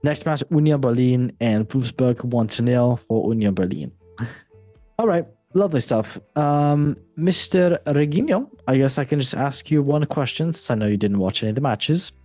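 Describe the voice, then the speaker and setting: A man hosting a football podcast, running through match results in a relaxed, joking way. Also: medium pitch, normal speed, no room sound, faint music behind. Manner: relaxed, joking, reads results in a steady run. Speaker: podcast host. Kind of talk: casual football chat.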